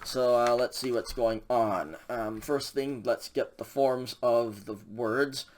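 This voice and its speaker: A man's voice: medium pitch, steady tone, takes it slowly, a little hiss or hum. Patient man explaining grammar step by step. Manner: patient, explanatory, with frequent ums and okays. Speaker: Greek instructor. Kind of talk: recorded lecture.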